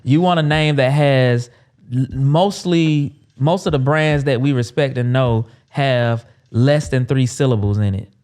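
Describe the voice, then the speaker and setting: Smooth-voiced man in casual business chat. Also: medium pitch. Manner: animated, conversational, quick asides. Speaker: agency owner and podcast host.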